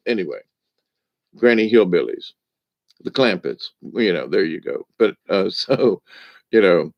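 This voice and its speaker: A man's voice: deep voice, lively intonation, a little slow, creaky, long pauses, no room sound. An older man rambling through a casual monologue, joking and laughing often as he talks. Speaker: spiritual vlogger. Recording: dull lo-fi, dry.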